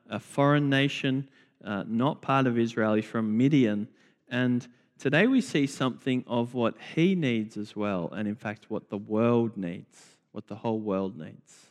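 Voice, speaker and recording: Man, slow deliberate sermon, long church reverb. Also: mid-range voice. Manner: slow, deliberate, with repeated phrases. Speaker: preacher.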